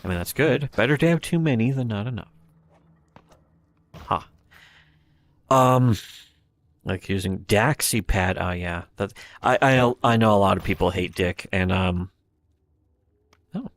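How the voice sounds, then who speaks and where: A man's voice: fairly low pitch, unhurried, pauses often. A man giving rambling, profane livestream commentary, retelling scenes with quoted voices. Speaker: streamer.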